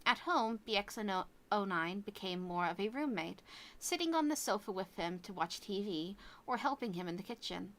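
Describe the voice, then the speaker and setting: An Irish woman reads a story aloud to her stream, now and then tripping over words and restarting. Her voice is bright and clear, sitting in a middle pitch range. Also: expressive, normal speed. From Ireland. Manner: stumbling, self-correcting reading. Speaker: VTuber streamer.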